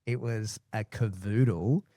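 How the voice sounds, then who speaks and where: Male dog-trainer guest, slightly low voice, candid and profane, dry close mic. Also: unhurried, dark tone, no echo. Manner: frank and reflective, swears freely, restarts his sentences. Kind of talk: casual podcast conversation.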